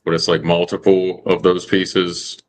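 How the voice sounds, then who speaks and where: Man, very low voice, relaxed casual chat, easygoing. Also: measured pace.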